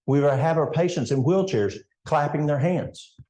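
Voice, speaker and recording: Man, older, Appalachian accent, folksy health educator, warm tone, echoey church. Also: fairly high pitch, a little slow. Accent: East Tennessee Appalachian. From East Tennessee. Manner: folksy, storytelling, addresses the audience directly. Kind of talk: health seminar talk in church.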